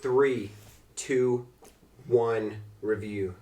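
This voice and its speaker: A man's voice: medium pitch, steady tone, extremely slow, dark tone. A man off camera asking teasing, dry questions of a film reviewer. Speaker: off-camera interviewer. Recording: roomy, off-mic, faint hiss.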